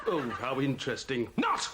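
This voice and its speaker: A man's voice: mid-range voice, wildly swooping pitch, moderate pace, heavy background noise, pitched below the performer's own voice. A man playing a pompous, self-important adult male hobby obsessive in a sketch comedy monologue.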